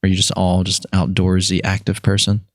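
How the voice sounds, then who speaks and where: A man's voice: sits low, completely flat delivery, brisk, dry recording, studio quality. A young man from Alabama with a mild Southern accent, hosting a casual, joking interview chat. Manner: laid-back, joking, laughs often. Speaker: podcast host.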